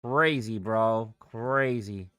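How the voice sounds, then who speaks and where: A man's voice: on the low side, very slow, fairly bright tone, clear, resonant tone, no room sound, studio quality. A young man livestreaming his day trading, cursing and venting in exasperated outbursts. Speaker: day trader streaming live. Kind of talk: live trading stream, frustrated ranting.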